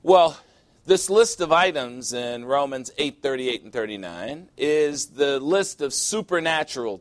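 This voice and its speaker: A man preaching in an emphatic, deliberate way, stretching key words and stacking repeated phrases. His voice sits in a middle range. The sound is dry and close, with no room echo. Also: mid-range voice. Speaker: pastor. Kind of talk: sermon.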